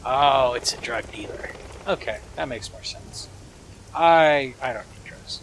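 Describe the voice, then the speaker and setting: A man's voice: medium pitch, measured pace, a little hiss or hum. A man hosting a let's play, musing casually to himself and reading the game's text aloud. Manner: relaxed, musing, half to himself. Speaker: video game let's play host. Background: game music.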